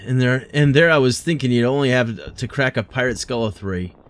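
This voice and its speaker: Man putting on a hearty gruff guild boss voice for a game, rough slang, mid pitch. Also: a little fast, natural voice. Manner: rough colloquial speech, reading aloud with hesitations. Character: gruff older male guild master, blunt and hearty.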